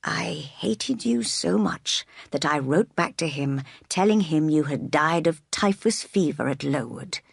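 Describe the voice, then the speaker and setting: A frail old aunt near death speaks in a weak, halting voice full of old resentment, as a woman reads her in a storybook. The tone sits low and dry. Her words come slow and grudging. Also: animated, gravelly, breathy edge, dry recording, full character voice. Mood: bitter. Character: dying bitter old aunt, spiteful and weak.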